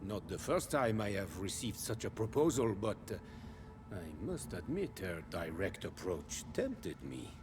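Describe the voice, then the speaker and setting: A man's voice: on the low side, sing-song, a little slow, noisy background. A man with a French accent voicing a gleeful, decadent vampire aristocrat in a video game, theatrical and purring. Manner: theatrical, purring, relishing every word.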